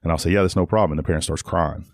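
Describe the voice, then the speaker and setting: Man, middle-aged, low voice, dry close sound, rambling storytelling with restarts. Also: fairly even intonation, rapid-fire, gravelly, a little mellow, no room sound. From Tennessee. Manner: rambling, frequent restarts and "like" fillers. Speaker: guest, jiu-jitsu academy owner. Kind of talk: casual conversational storytelling.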